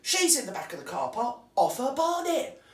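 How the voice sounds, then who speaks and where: Brief: woman, comic rant, crude and scornful, pitch leaping all over, roomy sound set back from the mic. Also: huge pitch swings, moderate pace, far from the mic. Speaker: comic character host.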